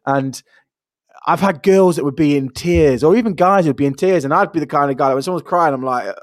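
A man in middle age, chatting on a podcast with a fairly high voice. He tells stories with lively quoted voices. The sound is dry and close. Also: brisk, no room sound. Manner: animated storytelling, acts out pub banter in quoted voices. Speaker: podcast co-host. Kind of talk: casual podcast chat.

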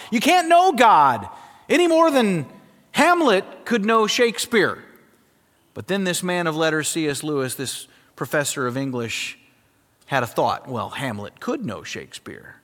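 A man preaching in a big hall, his voice carrying a long reverb. He speaks a little higher than most men and tells stories with animated energy. The tone is that of a sermon. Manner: animated storyteller, voice climbs high when acting out his younger self. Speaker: pastor. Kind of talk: sermon with personal storytelling.

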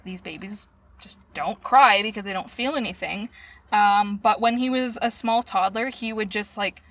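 A young woman co-hosting a podcast in casual chat, chatty and quick to giggle as she tells stories. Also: mid-range voice, fairly bright tone. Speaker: podcast co-host.

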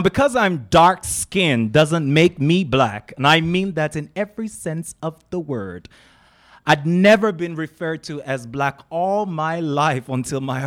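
A man from Calabar with a Nigerian accent, performing spoken-word poetry with dramatic emphasis and rhythmic repetition. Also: fairly high pitch.

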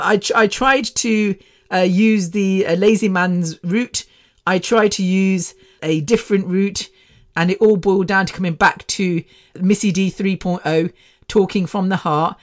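A woman, hosting a casual solo podcast, rambling and laughing often. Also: mid-range voice. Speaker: podcast host.

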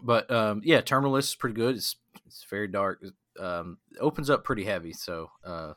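Bright-voiced man hosting a casual podcast. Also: lowish voice, fairly quick, dry recording, clean studio sound. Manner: rambling with many fillers. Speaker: podcast host.

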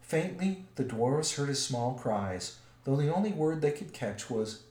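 Reading a storybook aloud, a man speaks in a measured yet expressive manner. His voice sits in the mid range, and the recording has a roomy echo.

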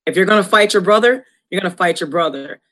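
Co-host, casual and sure of his or her calls, mid-pitched voice. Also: lively intonation, fast, a bit bright. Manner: confident, opinionated predictions. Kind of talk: casual chat.

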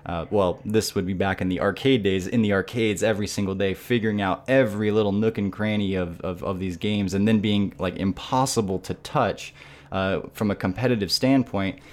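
Man, podcast host, fairly low voice, thoughtful, rambling with restarts. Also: fairly even intonation, fairly quick. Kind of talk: casual podcast chat.

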